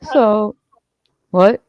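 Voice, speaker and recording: A woman's voice: a little high, no room sound, dull audio. A woman host in casual chat, telling a rambling story full of restarts. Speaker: channel host.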